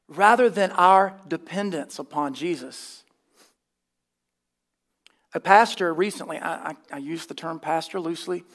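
A man with a high, fairly bright voice preaches a sermon. He is emphatic and scornful of false teaching, blending plain instruction with dry, wry asides.

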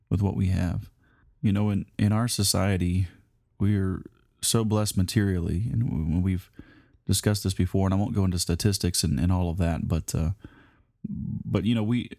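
A man giving a Bible lesson in a conversational, unhurried way, with frequent fillers and restarts. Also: low-pitched, creaky, warm tone, no room sound, studio quality. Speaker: preacher.

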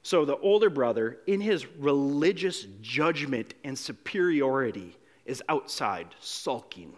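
A pastor preaching a sermon, animated, acting out the quotes he reads and dropping from loud to hushed, often repeating words as he restarts. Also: medium pitch, unhurried.

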